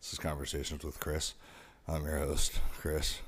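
A man's voice: a bass voice, completely flat delivery, moderate pace. A man in his forties hosting a podcast, giving an emotional, confessional monologue about his past that builds to intense emphasis. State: emotional, broken up. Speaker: podcast host.

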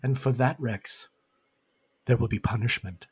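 A man voicing cold vampire elders who speak quietly and threaten punishment. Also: medium pitch, measured pace, breathy edge, voice pushed down. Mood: menacing.

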